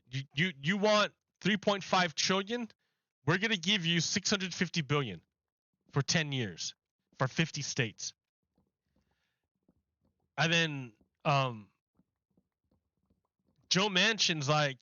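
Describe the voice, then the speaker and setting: A man's voice: a little high, big pitch swings, slow, pauses often, pushed and bright, dry recording, dull audio. A man streaming live, rambling through a mocking rant in casual chat and laughing often.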